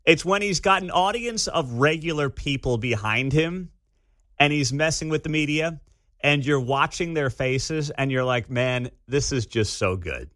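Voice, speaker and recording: A man hosting a talk radio show, giving opinionated commentary in a conversational, animated, slangy way. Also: medium pitch, no echo, studio quality.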